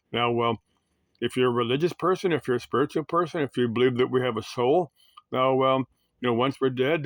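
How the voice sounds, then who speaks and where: A man hosting a rambling solo talk, musing aloud in a halting way, with many uhs and restarts. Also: medium pitch, no room sound.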